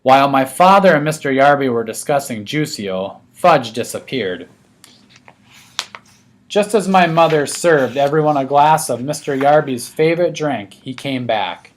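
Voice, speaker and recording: A man giving a first-person narration of a children's story aloud, told from a young boy's point of view. His delivery stays steady and scripted throughout. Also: mid-range voice, unhurried. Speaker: audiobook reader.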